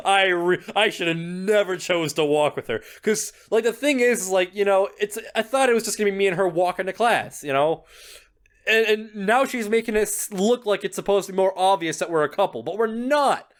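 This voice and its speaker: A young man playing through a visual novel, reacting in an animated, flustered way with frequent laughs and swearing. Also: high voice, moderate pace. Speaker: gaming YouTuber. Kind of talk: visual novel playthrough commentary.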